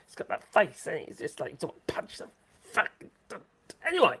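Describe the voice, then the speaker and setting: Woman, live-stream host, chatty and excitable, sweary, very lively pitch. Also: fairly quick, husky. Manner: excitable, swears freely, laughs a lot. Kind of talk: rambling live-stream chat.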